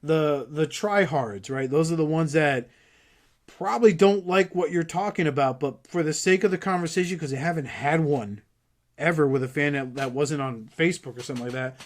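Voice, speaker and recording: A man who is a podcast guest, chatting casually and telling stories in an animated way with quick switches into other voices. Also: fairly high pitch. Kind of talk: casual chat.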